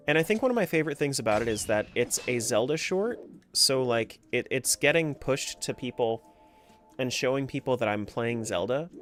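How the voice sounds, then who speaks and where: Man, game streamer, casual chat, talks to himself as he plays, laughs a lot, mid pitch, very lively intonation. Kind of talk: casual live-stream chat while playing.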